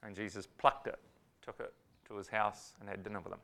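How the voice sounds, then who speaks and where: A man preaching a sermon, telling stories in an animated way and acting out quotes with sudden loud bursts. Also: lowish voice, fairly quick, creaky.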